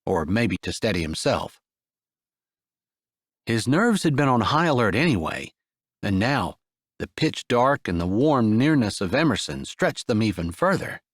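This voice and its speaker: A man reading a sweet romance audiobook in a gentle, expressive storytelling manner. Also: fairly low pitch, measured pace, no echo, studio quality. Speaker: audiobook narrator. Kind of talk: scripted narration.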